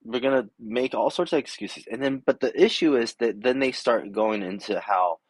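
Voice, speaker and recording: In his home garage workshop, a middle-aged vlogger tells a rambling, casual story, sounding exasperated as he acts out both sides of an argument. His voice is medium-pitched and slightly rough, at normal speed, with no room sound.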